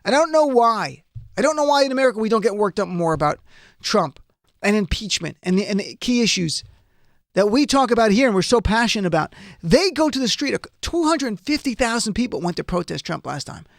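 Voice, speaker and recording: A male radio host with a high voice, talking politics in an indignant monologue. His outrage keeps building into heated rants. The studio sound is dry and close on the mic. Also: sing-song, a little fast, gravelly, no room sound.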